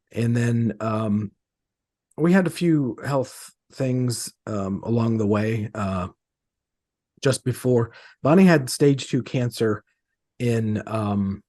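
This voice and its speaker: A man's voice: lowish voice, darkish tone, no room sound, clean studio sound. A middle-aged man, an author being interviewed, speaking hesitantly with many fillers and restarts. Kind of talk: conversational interview.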